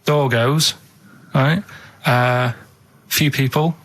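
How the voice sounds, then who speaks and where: A man in his thirties chatting on a radio show, telling stories in a blunt, deadpan way from a studio. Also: mid-range voice, very slow. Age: 30s. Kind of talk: casual radio chat.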